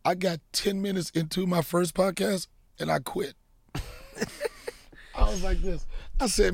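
Middle-aged male comic, slightly high and gravelly, animated storyteller. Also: unhurried, long pauses, no room sound. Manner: animated, profane, acts out quotes. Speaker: podcast guest, comedian. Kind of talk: casual storytelling chat.

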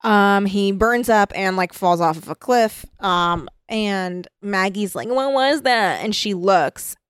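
Young female co-host, animated storyteller, dry close sound. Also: medium pitch, slow, clean tone, no echo. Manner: animated, giggly, acts out quotes. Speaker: podcast co-host. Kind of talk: casual chat recapping a book.

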